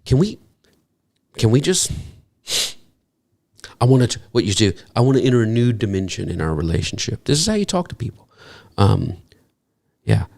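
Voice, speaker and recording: A man preaching a sermon as pastor, talking in a conversational, humorous way and jumping up in pitch to act out what people might say. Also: fast, gravelly. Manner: animated, jumps into high-pitched acted quotes; conversational, self-deprecating humor.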